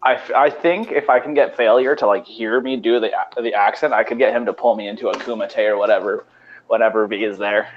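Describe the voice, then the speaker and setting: Over a lo-fi voice call with faint noise, a podcast co-host from California talks quickly in a steady, lowish voice. The young man is laid-back and crude, rambling in loose sentences and often stammering and starting over.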